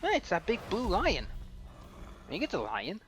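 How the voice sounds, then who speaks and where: A man's voice: high voice, wildly swooping pitch, moderate pace, a bit bright. A man hosting a let's play, chatting casually and reacting to the game as he plays. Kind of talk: casual gameplay commentary.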